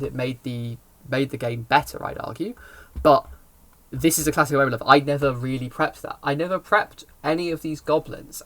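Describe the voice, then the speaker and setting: A man's voice: fairly high pitch, a bit bright. Rambling man recounting a game session. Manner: rambling, self-correcting storytelling. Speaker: game master giving advice. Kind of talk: casual explainer talk.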